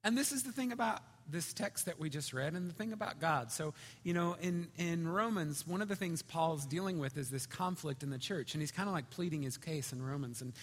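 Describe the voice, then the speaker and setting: A man preaching a sermon in a conversational, storytelling way, swinging between loud and hushed. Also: on the high side, brisk, few pauses. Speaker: pastor. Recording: reverberant hall.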